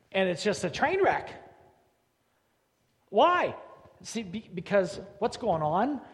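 A man, a pastor, preaching a sermon in a church, leaning hard on repeated words and rising to loud, forceful peaks. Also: high voice. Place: church sanctuary. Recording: long reverb of a large church hall.

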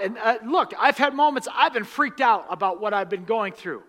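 High, bright-voiced male pastor preaching. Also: animated, moderate pace. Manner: emphatic, repeats key lines for stress. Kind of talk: sermon. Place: church sanctuary. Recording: long reverb of a large hall.

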